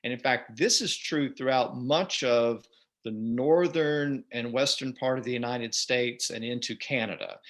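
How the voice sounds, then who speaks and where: A man's voice: medium pitch, a little slow, fairly bright tone. Southern US man explaining patiently. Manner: patient, careful, spells out words letter by letter. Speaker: guest, lawyer and podcaster. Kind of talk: explaining casual interview talk.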